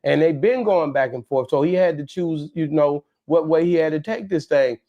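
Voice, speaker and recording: A man talking in a relaxed, casual chat, often restarting his sentences with "uh" and "you know". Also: fairly high pitch, moderate pace. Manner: relaxed, hesitant with repeated starts. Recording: slightly dull lo-fi audio.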